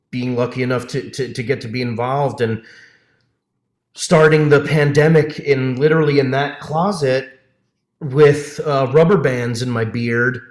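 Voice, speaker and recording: A man's voice: medium pitch, roomy sound. A man guest in a casual interview about his voice work, enthusiastic, often laughing and restarting his sentences over a video call. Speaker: voice actor guest.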